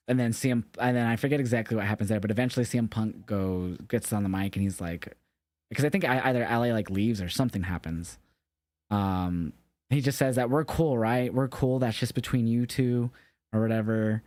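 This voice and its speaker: A man's voice: fairly low pitch, normal speed, darkish tone, no room sound. A young man casually recapping a wrestling show, rambling and swearing loosely and correcting himself as he goes. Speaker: podcast co-host.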